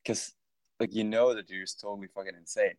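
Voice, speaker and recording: A man's voice: lowish voice, level tone, fairly quick, darkish tone, no room sound. A man co-hosting a podcast in casual chat, laid-back and rambling. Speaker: podcast co-host.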